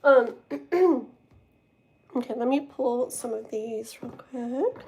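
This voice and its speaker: A woman with a slightly high voice runs a casual live tarot stream. She talks in a chatty, rambling way and reads card meanings aloud. Her voice sounds tired and strained. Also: fairly even intonation, measured pace. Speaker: tarot reader. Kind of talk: casual livestream chat and card reading.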